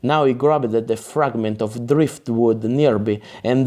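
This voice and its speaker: A man reading a fantasy novel aloud as an audiobook narrator, careful and measured, sometimes restarting a word. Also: medium pitch, darkish tone.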